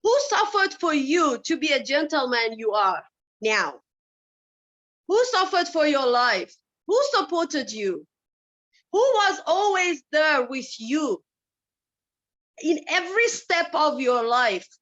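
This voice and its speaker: A woman addresses a summit audience with personal stories, her voice pitched high and cutting. She presses her point with question after question. The recording sounds muffled and lo-fi. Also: sing-song, takes it slowly, long pauses, fairly bright tone. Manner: impassioned, asks many rhetorical questions. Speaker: summit speaker. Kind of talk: personal storytelling speech. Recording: dull lo-fi recording.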